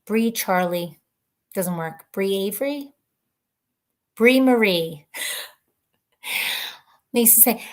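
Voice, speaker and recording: A woman hosting a casual live stream, reading viewer comments aloud in a chatty, rambling way, laughing often and thinking out loud. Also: on the high side, lively intonation, slow pace, long pauses. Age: adult mother of children.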